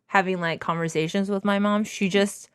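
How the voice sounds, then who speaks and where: A young woman chats on a podcast, lively and expressive, often jumping up into a higher voice to act out what people said. Her voice sits at an ordinary middle pitch. The sound is dry and close, with no room echo. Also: normal speed, clean tone. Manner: animated, acts out quoted lines in a raised voice. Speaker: podcast co-host. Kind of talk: casual chat.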